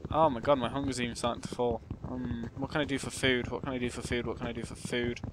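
Chatty young gamer. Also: male voice, medium pitch, animated, normal speed, long pauses, noisy background. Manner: chatty, self-mocking, hums and mutters while playing. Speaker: gaming YouTuber. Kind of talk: casual gameplay commentary. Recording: music playing behind.

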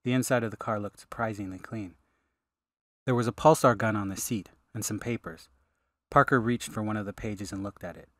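A man, the author, reading his fantasy audiobook in steady, measured narration. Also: on the low side, no room sound, studio quality. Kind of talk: scripted narration.

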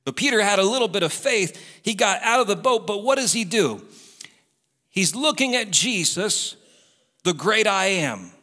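A man's voice: high voice, big pitch swings, moderate pace, bright, forceful tone. A male pastor preaching a sermon in an impassioned way, pressing the congregation again and again. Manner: impassioned, repetitive exhortations, talks straight to the congregation. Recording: church hall reverb.

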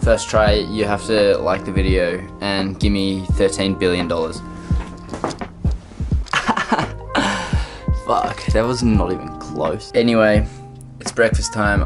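A man's voice: on the low side, fairly even intonation, normal speed, over music. A young man with an Australian accent, vlogging casually, joking, swearing and poking fun at himself. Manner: joking, swearing, self-deprecating. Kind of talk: casual vlog.

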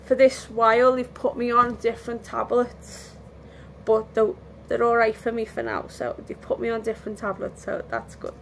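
Speaking at a moderate pace in a fairly high, gravelly voice, a tired woman chats frankly in a casual lockdown home vlog. She rambles, restarts sentences and yawns every so often. A faint hiss or hum runs underneath.

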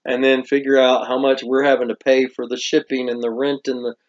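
A man's voice: mid-range voice, flat delivery, a little fast. A man with a Southern US accent co-hosting a snack review show, chatting casually and playfully, with bursts of theatrical exclamations. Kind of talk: casual chat. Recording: lo-fi dull recording.

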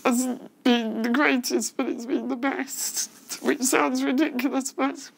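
A woman giving tearful, halting testimony at a public inquiry, her voice breaking as she restarts her sentences. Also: high voice, fairly even intonation, gravelly, poor audio. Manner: halting, emotional, restarts often. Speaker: witness giving evidence. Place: hearing room.

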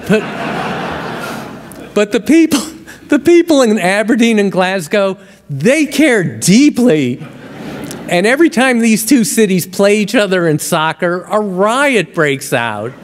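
A man in a lecture hall tells comic stories about his work as a television writer. His voice sits a bit high, and he builds toward each punchline in a dry, wry way. A long reverb from the hall trails his words. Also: very animated, unhurried. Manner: wry, punchline-driven, gets louder and livelier at the jokes. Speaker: TV comedy writer and guest speaker. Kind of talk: storytelling talk to an audience. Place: lecture hall with a live audience.

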